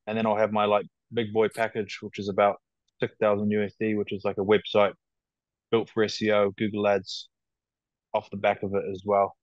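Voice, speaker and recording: A man with a New Zealand accent talks calmly and in a measured way as a podcast guest. His low, flat voice comes over a dull, dry video call line. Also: no room sound. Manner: calm, measured, matter-of-fact. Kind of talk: casual interview chat.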